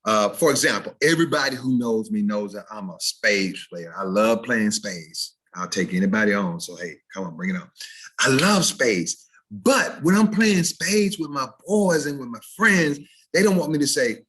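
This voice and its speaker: A man with a Southern American accent lectures students over a video call. His voice is slightly husky and his delivery is animated, shifting into casual dialect to make a point before returning to careful speech. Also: medium pitch, moderate pace. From Southern United States. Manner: animated, switches into dialect examples for contrast. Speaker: educator teaching diction. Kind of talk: recorded video-call presentation.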